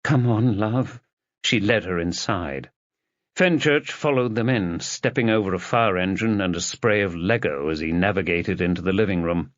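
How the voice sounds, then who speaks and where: A man narrating a mystery novel as an audiobook in an expressive reading. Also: sits low, moderate pace, no room sound. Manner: expressive reading, voices the characters. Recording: dull, dry lo-fi recording.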